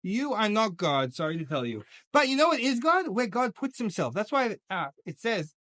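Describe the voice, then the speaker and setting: Animated, jokey man teaching. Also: sits high, moderate pace, dry recording. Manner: animated, jokey, acts out voices. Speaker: Torah teacher. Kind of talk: casual lively religious lesson.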